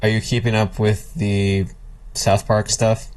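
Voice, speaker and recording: A man co-hosting a podcast, chatting casually in a dry, measured way and laughing often. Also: fairly low pitch, flat delivery, darkish tone. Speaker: podcast co-host. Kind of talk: casual chat.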